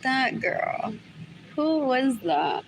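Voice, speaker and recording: A woman's voice: high-pitched, big pitch swings, very slow, slight background noise, low-quality recording. A woman talking alone on a livestream, rambling and muttering, repeating herself and switching languages mid-sentence. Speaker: livestream host. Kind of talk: rambling solo livestream talk.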